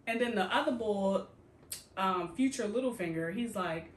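A mid-range woman's voice, moderate in pace, comes through an echoey room with a little hiss or hum. She co-hosts a podcast, recapping a TV show in slangy, profane chat, animatedly performing quoted characters and laughing frequently.

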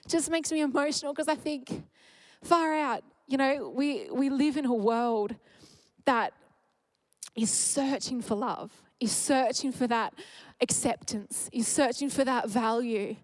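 A woman, preaching a sermon in a candid, heartfelt way that often slips into laughter. Her voice sits a little high, and the close mic gives it a dry sound with no room echo. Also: measured pace. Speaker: speaker at church.

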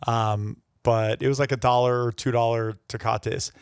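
A man's voice: mid-range voice, level tone, normal speed, clean tone, no room sound. Rambling middle-aged man, dry close sound. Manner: rambling storyteller. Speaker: podcast co-host. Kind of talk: casual chat.

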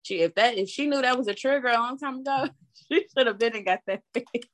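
An agreeable woman joins a casual conversation. She backs up her partner with quick interjections, then lays out her own view in an easygoing, plain way. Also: a little high. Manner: agreeable, chimes in with short backing remarks. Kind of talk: casual chat.

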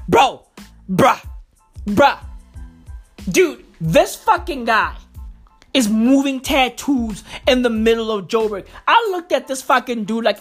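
A woman vlogger in a profane comic rant, hammering her points with constant swearing and "bro." Her voice sits fairly high. Faint music runs underneath. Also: lively intonation, unhurried. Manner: emphatic, heavy swearing, repeated "bro".

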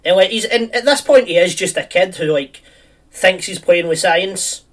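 A man's voice: high voice, moderate pace, a bit bright, far from the mic. A man chatting casually, rambling through a film plot with lots of fillers and restarts.

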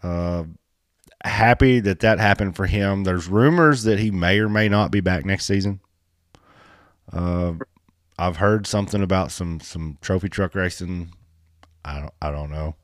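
A low-pitched man with a drawl, chatting casually as a podcast host. He talks bluntly and jokes in a folksy way. The sound is dry and close, with no room behind it. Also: a little slow, no room sound. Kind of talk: casual chat about off-road racing.

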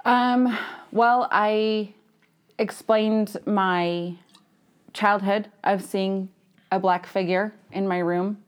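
A woman's voice: mid-range voice, steady tone, very slow, smooth. Candid, laughing woman guest. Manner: candid, laughs often, swears casually. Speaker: podcast guest, ghost hunter. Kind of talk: casual chat.

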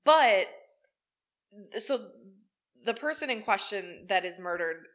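A woman with a bright, forward voice tells a true-crime story in relaxed podcast chat. She keeps the talk wry and salty and swears freely. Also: medium pitch, slow pace. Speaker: podcast co-host.

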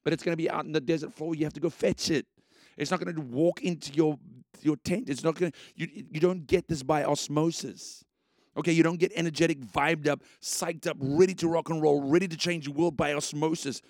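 A gravelly, fairly high-voiced man pumps up his podcast listeners with repetitive, preacher-like motivation and bursts of shouting. He is running on little sleep but stays energetic. The recording is close and dry. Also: fairly quick, no room sound. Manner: excitable, repetitive, preacher-like cadence with sudden shouts. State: short on sleep. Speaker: podcast host. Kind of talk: energetic motivational faith talk.

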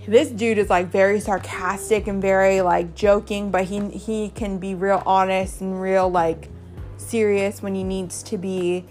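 A woman's voice: medium pitch, little pitch movement, measured pace, darkish tone, soft background music. A young woman hosting a podcast, chatting casually and gossiping bluntly, swearing freely and saying "like" a lot. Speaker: podcast host. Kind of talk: casual chat.

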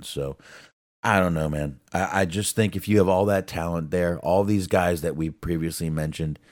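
Male podcast co-host, very deep, dry close sound, blunt, profane. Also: a little mellow, no echo. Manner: blunt, swears a lot, laughs often. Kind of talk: profane wrestling podcast chat.

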